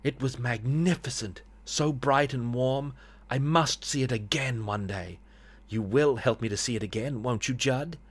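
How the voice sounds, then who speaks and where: A man voicing a pale young woman who longs for the sun, pitched up and eager. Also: measured pace, breathy edge. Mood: longing.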